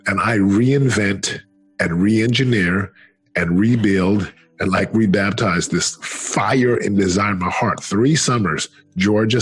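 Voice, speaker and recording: A middle-aged man telling his life story in an interview, earnest and emphatic, slowing down on key phrases. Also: lowish voice, fairly bright tone, husky. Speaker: interview guest, former football player and speaker.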